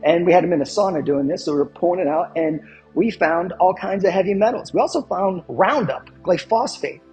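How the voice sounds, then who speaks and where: A man's voice: high voice, fairly quick, darkish tone, soft background music. A male fitness coach giving an instructional talk, emphatic and fond of repeating his catchphrases and asking the viewer questions.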